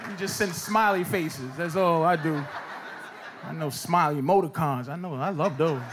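A man doing a loud, animated stand-up set, jumping into shouted put-on voices. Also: a little high, moderate pace. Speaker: stand-up comedian. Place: comedy club stage before a laughing crowd. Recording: live club recording, loud crowd and noise. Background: audience laughter.

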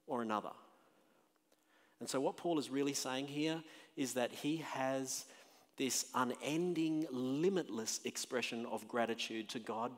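A pastor preaches in a church with a long, ringing reverb around him. His mid-pitched voice swings between loud, emphatic declarations and quiet, searching questions put to the congregation. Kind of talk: sermon. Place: church sanctuary.

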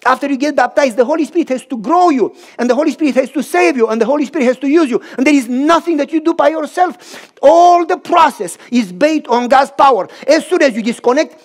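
A man's voice: very high voice, a little fast, few pauses. A man preaching a sermon as pastor, telling a story animatedly with short, emphatic repeated phrases. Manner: animated and emphatic, acting out voices and rhythmic sounds; short repeated phrases, stressing each word.

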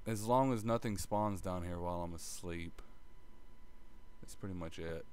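With a low, clear, resonant voice that's a little mellow, a gaming video creator talks at normal speed through a casual tutorial. He mutters and swears as he plays, hums small sound effects like "bop bop," and stays offhand and self-mocking.

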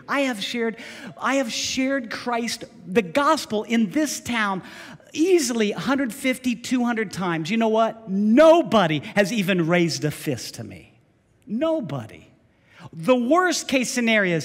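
A male pastor preaching a sermon in a church, emphatic and animated, often repeating short phrases. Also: high voice, slow pace, in a large hall. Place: church sanctuary.

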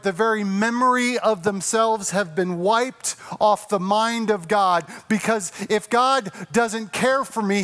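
A middle-aged man preaching a sermon as a pastor, earnest and slowing down, growing softer to stress key words. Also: sits high.

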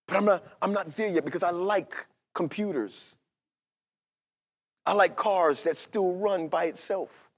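A man in his fifties preaching a sermon as a pastor, talking to the congregation conversationally and swinging from hushed asides to loud, emphatic passages. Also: high voice, unhurried. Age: 50s.

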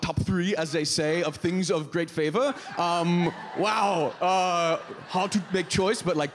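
A man's voice: medium pitch, background noise. A man on a comedy stage doing an impression of a bubbly foreign woman coworker in broken English with a made-up, unplaceable accent. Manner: gushing, filler-heavy, excitable. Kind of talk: stand-up impression.

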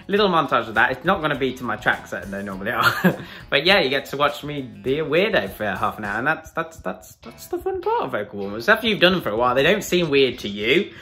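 A man talks through his day for a vlog in a chatty, upbeat way, stringing thoughts together with plenty of fillers. His middle-pitched voice swings lively up and down, and soft guitar music plays faintly in the background. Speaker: gaming YouTuber vlogging his day. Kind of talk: casual vlog chat to camera.

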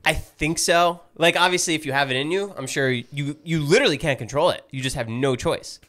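A man's voice: a little high, a little fast, fairly bright tone. A man hosting a podcast, asking prompting questions and dropping teasing asides. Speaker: podcast host. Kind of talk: casual podcast interviewing.

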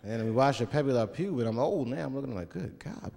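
A man's voice: medium pitch, fast talker, vocal fry. A male stand-up comedian telling a laid-back, profane story on a theater stage. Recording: hall reverb, loud crowd laughter.

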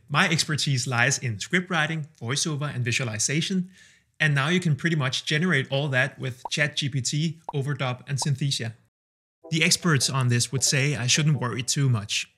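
A man's voice: mid-range voice, a bit bright. A man, talking casually and candidly with a self-deprecating streak as he tests AI tools for a vlog. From Denmark. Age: 30s. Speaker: video creator testing AI tools. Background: faint background music.

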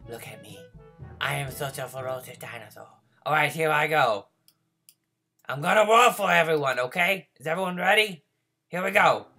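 A man voicing a lonely, needy baby male dinosaur in a game role-play, whiny and begging for friends, breathy and childlike. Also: fairly high pitch, normal speed, pauses often, faint music behind, full character voice. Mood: playful. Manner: whiny, begging for friends, turning to frantic yelling when chased. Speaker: gaming video host.

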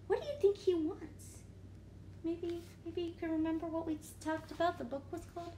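A woman teacher reading a picture book aloud to children, animated and often asking them questions. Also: extremely high pitch, normal speed, slight background noise. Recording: echoey room.

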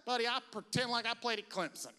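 A man's voice: fast talker, slight background noise. A middle-aged man from South Carolina, telling stories in a stand-up comedy set. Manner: storytelling, jumps into loud high-pitched voices for bits. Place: comedy venue on stage. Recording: live stage with long hall reverb.

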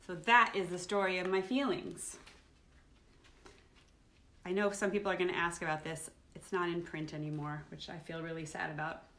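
A middle-aged woman hosting a children's livestream, reading a picture book aloud at home in a playful, animated way and acting out the feelings. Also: lowish voice, moderate pace. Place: at home, live streaming.

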